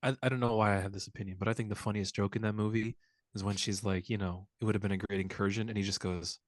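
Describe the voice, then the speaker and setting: A man's voice: on the low side, steady tone, quick pace, no echo. A man co-hosting a comic book podcast, joking casually and acting out quotes from movies. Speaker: podcast co-host. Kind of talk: casual chat.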